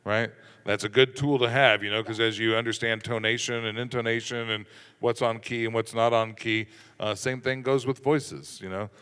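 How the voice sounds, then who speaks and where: A man's voice: medium pitch, steady tone, normal speed, a bit bright, clear, resonant tone. A man speaking as a panelist at a convention, talking loosely and casually with lots of fillers. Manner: loose, joking, lots of fillers like "you know" and "uh". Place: large convention hall. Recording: echoey convention hall.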